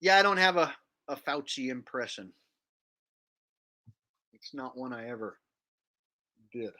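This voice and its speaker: A man talking in a casual comedic monologue with a deadpan, mock-serious tone. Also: mid-range voice, measured pace. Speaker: comedian, impressionist.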